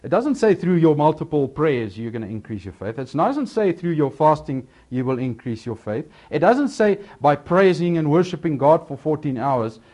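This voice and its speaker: A man preaching a sermon, swinging between loud, emphatic lines and quieter asides. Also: a little high, very animated, normal speed, hardly any pauses.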